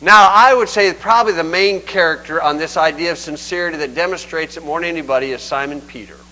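High-voiced, bright folksy older preacher. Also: male voice, fast talker, low-quality recording. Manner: folksy, conversational, acts out scripture quotes. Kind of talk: sermon.

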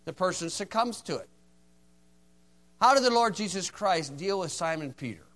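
Male preacher, fairly high voice, folksy, moves from hushed asides to loud, forceful acted lines. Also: animated, moderate pace. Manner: folksy storytelling, acts out dialogue, swings from hushed to shouting. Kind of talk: sermon.

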